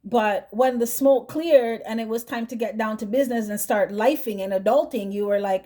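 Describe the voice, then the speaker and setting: A woman's voice: a little high, moderate pace, hardly any pauses, mellow. A woman doing a tarot reading, chatty and direct, who keeps asking "right?" and adds "mm-hmm" between thoughts. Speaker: tarot reader.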